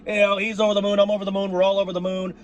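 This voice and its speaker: A man ranting as a sports fan vlogger, cursing freely and breaking into shouts, his voice going hoarse. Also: high voice, monotone, very fast, highs cut off. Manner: fired-up, cursing, shouting outbursts. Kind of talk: profane fan rant.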